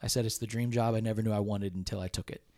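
Brief: man, gravelly voice, church staff member, earnest rambling storyteller. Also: on the low side, fairly even intonation, rapid-fire, a little mellow. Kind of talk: casual discussion, personal story.

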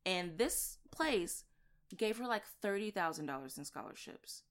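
A woman's voice: fairly low pitch, big pitch swings, a little slow. A woman in casual podcast chat, explaining things in a chatty, emphatic way.

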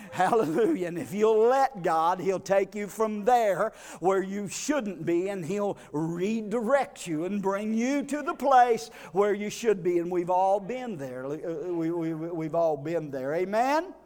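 A man, preaching a sermon in a chatty way with asides to the congregation, rising to shouts and sinking to a hush. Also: high-pitched, big-room sound. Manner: builds to shouting climaxes, then drops to a hush; conversational, with fillers and call-outs to the congregation.

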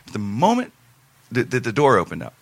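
A man telling a long story in a casual chat, in an animated way, rambling and often breaking off to restart his sentences. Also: medium pitch, a little fast, creaky, slightly rough. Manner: animated, rambling, self-interrupting.

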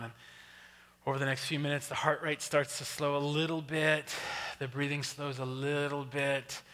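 A man giving an animated storytelling workshop talk, often checking in with the audience. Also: medium pitch, normal speed. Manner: animated, keeps asking "right?". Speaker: workshop presenter. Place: church hall. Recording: long hall reverb.

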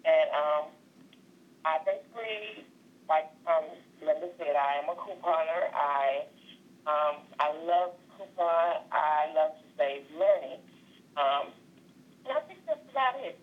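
A woman in her forties speaks as a podcast guest over a tinny phone line. She answers hesitantly, with frequent ums, and her voice sits slightly low. The sound is thin and narrow. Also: unhurried. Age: 40s. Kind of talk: casual interview answers.

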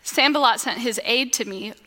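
A woman gives an expressive devotional Bible talk, and now and then she slows into a deliberate, measured refrain. Her voice sits high and sounds clear and bright. A long echoing reverb trails after her words. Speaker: devotional speaker.

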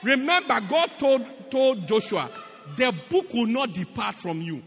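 A man from South Africa preaching a sermon in an animated, repetitive way, often laughing at his own jokes. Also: very high-pitched, normal speed. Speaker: pastor. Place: large church hall. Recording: long echoing church hall reverb.

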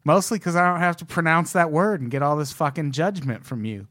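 A man who is a comedian, guesting on a casual podcast, sarcastic and deadpan with lots of swearing. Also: on the high side, a little fast, dry recording, studio quality.

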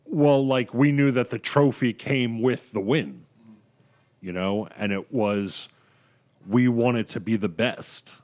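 Slow-talking man telling stories. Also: mid-range voice. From New York. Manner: relaxed storytelling, laughs often. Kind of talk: casual group chat.

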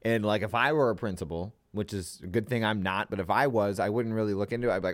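A man's voice: fairly low pitch, fast, hardly any pauses, dry recording. A man co-hosting a podcast in casual chat, rambling and trailing off, swearing and laughing.

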